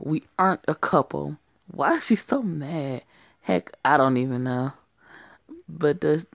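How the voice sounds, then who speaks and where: Young woman, amateur story drama, plays every part, low gravelly voice, unhurried, giggly. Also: no echo, studio quality. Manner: giggles often while reading, playful. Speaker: solo voice actor of a homemade story drama. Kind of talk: amateur story voice acting, playing all parts.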